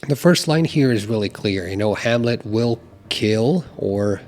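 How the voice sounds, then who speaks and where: A man hosting his own music channel, talking in a relaxed, chatty way full of filler phrases as he walks through song lyrics. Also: on the low side, measured pace. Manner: relaxed, chatty, many you-knows. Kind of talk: casual talk on song lyrics.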